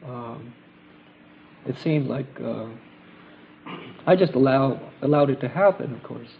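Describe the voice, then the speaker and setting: Gravelly man on an old tape. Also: medium pitch, lively intonation. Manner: halting, many fillers and restarts, gentle and reflective. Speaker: group member sharing trip experiences. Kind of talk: casual spoken testimony at a gathering. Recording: dull lo-fi tape with faint hiss.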